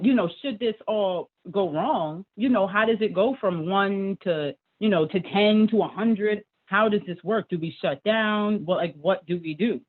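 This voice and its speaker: A woman speaking as a parent at a school board meeting, hesitant, with many fillers. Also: on the low side. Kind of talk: public comment on a call. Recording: tinny phone-like call audio.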